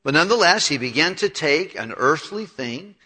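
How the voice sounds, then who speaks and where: A man's voice: a little high, animated, normal speed, pushed and bright. A male pastor preaching a sermon, retelling scripture with conversational acted-out dialogue. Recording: long hall reverb.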